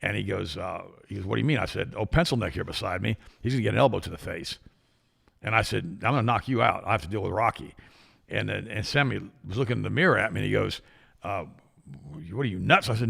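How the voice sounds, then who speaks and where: Older man, rapid delivery, bright gravelly voice, rambling studio host. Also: on the low side. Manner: rambling, animated storyteller with many restarts. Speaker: show host. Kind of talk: storytelling on a talk show.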